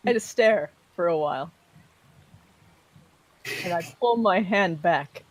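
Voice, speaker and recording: A woman's voice: fairly low pitch, lively intonation, takes it slowly, rough recording. A woman playing a tabletop role-playing game, teasing and playful, laughing often. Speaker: player.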